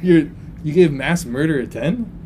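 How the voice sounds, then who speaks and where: A man's voice: a little high, animated, normal speed, darkish tone, slight background noise. Incredulous, laughing man co-hosting a podcast. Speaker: podcast co-host. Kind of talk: comedic podcast banter.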